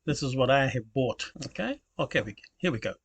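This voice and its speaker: A man's voice: mid-range voice, animated, fairly quick, husky, dry recording. A man hosting his channel, talking casually through a screen recording with many fillers and self-corrections. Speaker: channel host.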